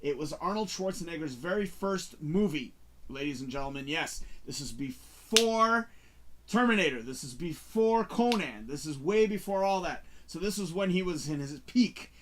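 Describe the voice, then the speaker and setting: A man hosting a casual talk show, chatting about movies in an animated, rambling way. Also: on the high side, normal speed. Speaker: show host reviewing movies.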